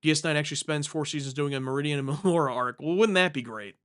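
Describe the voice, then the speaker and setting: A man's voice: on the high side, quick pace, fairly bright tone. A young man casually hosting a live stream from home, answering viewer questions in a rambling, jokey way, often correcting himself mid-sentence.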